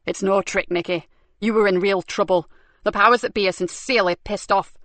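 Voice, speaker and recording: A woman's voice: medium pitch, steady tone, brisk, a bit bright, no echo, close to an everyday voice. A woman voicing a blunt senior male police superintendent in an audiobook.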